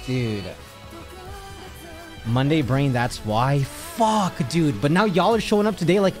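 A young man streams with a voice on the high side, talking slowly with frequent pauses while faint music plays behind him. He chats casually with his viewers, animated and exasperated, swearing his way through ranting complaints.

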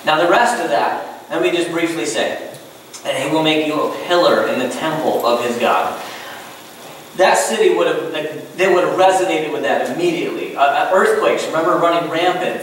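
A man's voice: fairly high pitch, normal speed. A man preaching a conversational sermon as pastor, often asking the room questions. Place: church sanctuary. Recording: very echoey hall, voice a bit distant, faint noise.

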